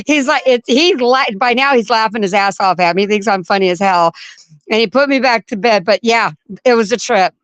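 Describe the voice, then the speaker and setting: Woman, young adult, lively casual storyteller, high-ish voice, close and dry; acts out scenes with energy. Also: fairly quick, no room sound. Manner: animated, laughs while telling, acts out her own panicked voice. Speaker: co-host telling a story.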